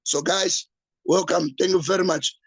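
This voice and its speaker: A man, a pastor, giving an urgent, repetitive sales pitch at an evening meeting. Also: steady tone, moderate pace, vocal fry, no echo, low-quality recording. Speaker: pastor promoting a business.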